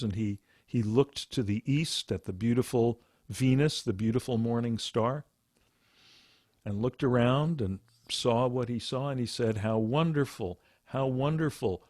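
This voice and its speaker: A man, a meditation teacher, telling Zen stories in a casual, animated way with laughs and asides. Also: mid-range voice, unhurried, no room sound, clean studio sound. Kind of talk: casual spiritual talk.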